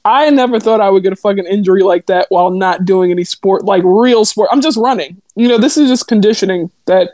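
A young woman co-hosting a podcast, talking in casual, profane, animated banter and laughing a lot. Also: mid-range voice, brisk, few pauses, no room sound. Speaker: podcast co-host.

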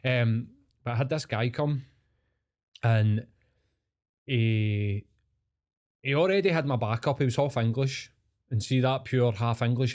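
A man's voice: mid-range voice, a little mellow. A man with a Scottish accent chatting casually and swearing freely, telling long rambling stories. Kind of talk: casual chat.

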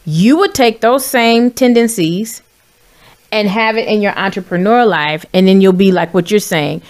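A woman podcast host who frames long, searching questions for her guest. She speaks at a middling pitch and backs her guest up with soft, affirming interjections. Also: moderate pace. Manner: encouraging, affirming with "mm-hmm" and "glory".

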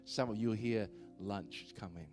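A male pastor preaching a sermon in church, animated, laughing often and checking in with the congregation. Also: on the low side, unhurried, over music.

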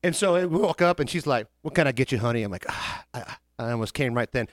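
Man, podcast host, animated storyteller, does voices. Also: mid-range voice, fast, no echo, clean studio sound. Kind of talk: casual storytelling chat.

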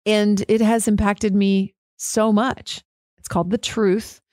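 A woman's voice: medium pitch, little pitch movement, slow pace, darkish tone, dry recording, clean studio sound. A woman hosting her own podcast, talking candidly and frankly on her own, fired up and swearing now and then. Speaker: podcast host. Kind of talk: candid solo talk.

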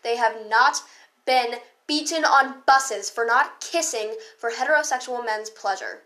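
A woman's voice: fairly high pitch, slow pace, fairly bright tone. A teenage girl hosting a podcast, ranting in a heated, profane, casual way with lots of fillers and asides. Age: teens. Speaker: podcast host.

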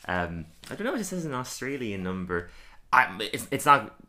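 Bright voiced guy cohosting a podcast, rambly, laughs a lot. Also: mid-range voice, very animated, moderate pace. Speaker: podcast co-host. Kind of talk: casual chat.

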